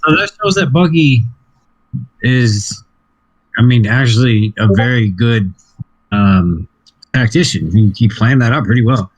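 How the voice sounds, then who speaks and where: A man's voice: mid-range voice, expressive, unhurried, long pauses, poor audio. A man co-hosting a casual recap chat, mixing joking asides with thoughtful comments. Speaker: podcast co-host.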